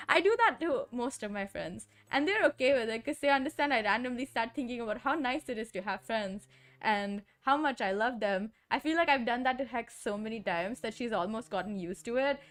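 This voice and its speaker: A woman's voice: a little high, fairly bright tone. A woman streamer in casual chat, rambling with lots of "like" and frequent giggles. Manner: giggly, rambling, heavy use of filler "like".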